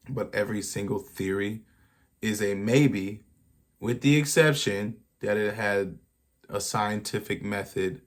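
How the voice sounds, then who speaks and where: A man with a fairly low voice reacts to clips and muses out loud. He talks in a loose, slangy way, circling his point as he goes. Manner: rambling, slangy, thinking aloud. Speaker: reaction video host. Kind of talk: casual reaction commentary.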